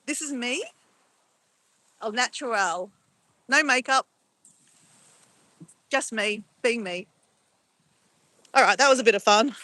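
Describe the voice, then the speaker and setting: A middle-aged woman live-streaming from her phone, her voice fairly high and bright, swooping up and down with playful delight. The sound is close and dry. She chats casually to her viewers and exclaims at whatever she finds. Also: takes it slowly, long pauses, no echo, low-quality recording. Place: outdoors near a beach.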